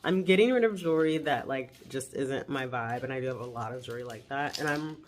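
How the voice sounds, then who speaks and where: A woman chatting casually at home as a vlogger and mother, animated and quick to laugh. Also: extremely low pitch, background noise. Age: 40s. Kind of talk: casual chat.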